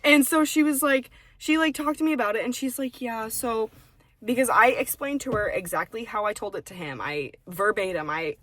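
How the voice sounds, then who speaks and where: Profane, animated young woman storyteller. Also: mid-range voice, fairly quick, dry recording. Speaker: podcast co-host. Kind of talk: casual chat.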